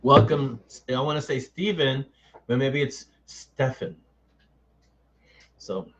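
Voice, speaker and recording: A man's voice: medium pitch, slow, fairly bright tone. A middle-aged man chats with his live-stream audience, greeting viewers by name and joking at his own expense. His voice sits in a middle register. The sound is a little dull and lo-fi, like a webcam stream. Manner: chatty, answers viewers by name, self-mocking. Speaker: author hosting a live chat. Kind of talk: casual live-stream chat reading comments.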